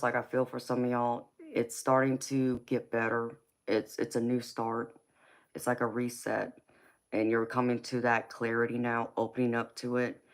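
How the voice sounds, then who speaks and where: Southern-accented woman hosting a live tarot reading. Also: a bass voice. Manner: affectionate, greets viewers with endearments like baby and honey; chatty and rambling, with frequent ums and you-knows. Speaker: tarot reader and live-stream host.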